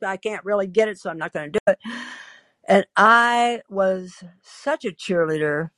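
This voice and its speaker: A woman's voice: mid-range voice, dry recording. An older woman hosting a podcast, telling her own story in a wry, confiding way with frequent hesitant fillers. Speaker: podcast host. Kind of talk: storytelling monologue.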